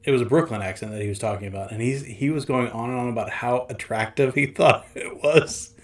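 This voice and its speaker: A male podcast host tells stories in a loose, rambling way, restarting sentences and laughing often. His voice sits at an ordinary middle pitch. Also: a little fast. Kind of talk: casual chat.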